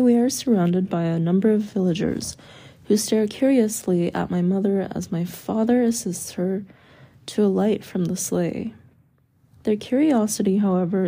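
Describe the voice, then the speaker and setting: A woman reads a memoir aloud as audiobook narration. Her tone is very dark and mellow, at a middling pitch. The reading stays measured and even, with quoted lines only lightly acted.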